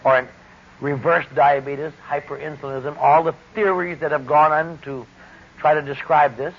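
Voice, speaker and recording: A middle-aged man speaking deliberately and wryly, giving a personal testimony talk about recovery. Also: a little high, steady tone. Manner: deliberate, wry, emphatic speaking. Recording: dull lo-fi recording with faint hiss.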